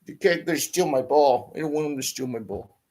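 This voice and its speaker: A man's voice: fairly high pitch, a little fast, darkish tone, pitched above the performer's own voice, natural voice. Man voicing a fussy pet dog worried about his ball.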